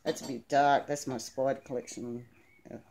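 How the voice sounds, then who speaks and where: A woman giving a casual home video tour of her collection, naming the items one by one in a halting way. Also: rumbling low, fairly even intonation, darkish tone, a little hiss or hum.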